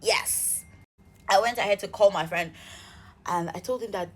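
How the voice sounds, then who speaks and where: A woman telling an exasperated storytime vlog, animated and swearing freely. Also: mid-range voice, a little slow. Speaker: vlogger.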